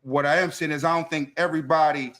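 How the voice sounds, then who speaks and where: A man's voice: on the high side, steady tone, fast, fairly bright tone. A man in casual podcast debate, talking emphatically and profanely as he builds his point.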